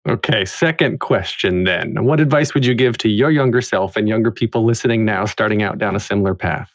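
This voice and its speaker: A man's voice: fairly low pitch, brisk. Enthusiastic man hosting a podcast. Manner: enthusiastic, appreciative. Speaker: podcast host.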